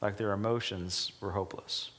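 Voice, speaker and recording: A man's voice: fairly low pitch, fairly even intonation, moderate pace, a bit bright, slightly rough, big-room sound. A man preaching a sermon as pastor, talking emphatically and acting out the voices in the stories he tells. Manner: emphatic, acts out quoted dialogue.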